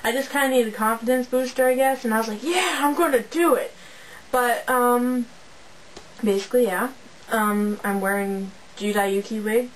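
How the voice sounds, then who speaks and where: A woman's voice: on the high side, steady tone, normal speed, a little hiss or hum, poor audio. A young woman from Canada, a teenage fan club moderator, chatting in a bubbly, rambling way into a camera's built-in mic at home. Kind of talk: casual webcam vlog.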